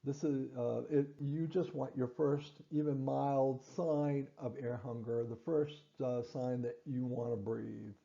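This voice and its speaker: Man, clinician-teacher, gravelly, mellow tone, dull lo-fi recording, stresses points over and over. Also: mid-range voice, steady tone, unhurried, hardly any pauses. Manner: repeats and stresses key points, with fillers and restarts. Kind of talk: instructional explanation.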